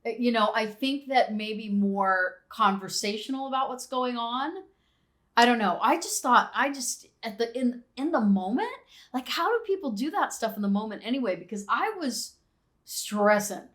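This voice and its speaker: Middle-aged woman podcast co-host, slightly high voice, lively storyteller. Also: moderate pace. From San Diego area. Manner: animated storytelling, acts out quoted people. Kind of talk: casual chat.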